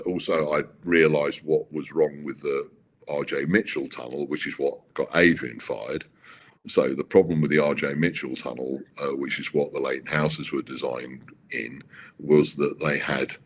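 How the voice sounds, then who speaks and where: Deep-voiced man telling stories. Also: slight background noise. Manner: halting restarts, acts out quoted voices. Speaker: racing car designer and guest. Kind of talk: animated storytelling interview.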